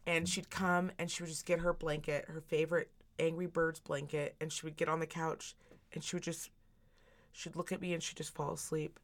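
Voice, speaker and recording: A woman's voice: low voice, flat delivery, normal speed. Candid, profane woman telling stories. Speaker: podcast co-host. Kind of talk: casual chat.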